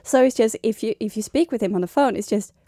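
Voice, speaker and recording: A young Swedish woman talking in a relaxed, rambling way, her voice mellow and warm. She fills her sentences with small hesitations and slips into other people's accents. The sound is dry and close. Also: on the high side, fast talker, no echo. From Stockholm, Sweden. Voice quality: mimics accents, chatty with many fillers. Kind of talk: casual chat.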